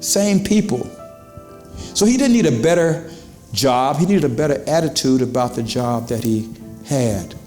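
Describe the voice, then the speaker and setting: A man's voice: medium pitch, lively intonation, measured pace, a little mellow, reverberant, faint music behind. A pastor preaching to his congregation in a church, in a conversational style with questions to the crowd and quoted voices. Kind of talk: sermon. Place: church sanctuary.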